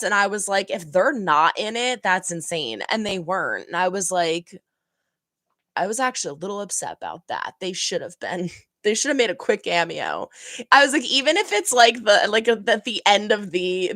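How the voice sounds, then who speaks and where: A woman's voice: mid-range voice, dry recording. A woman streaming casually, rambling and laughing as she answers her chat. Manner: chatty, rambling, animated, laughs often. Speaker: reaction streamer. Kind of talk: casual chat reading live chat.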